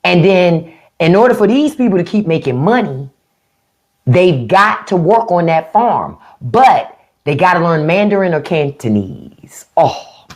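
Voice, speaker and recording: Blunt, mocking livestream host with a lively voice. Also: male voice, high-pitched, measured pace. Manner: blunt, mocking, profane, talks back to chat comments. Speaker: podcast host on a live stream. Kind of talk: unfiltered political rant to live chat.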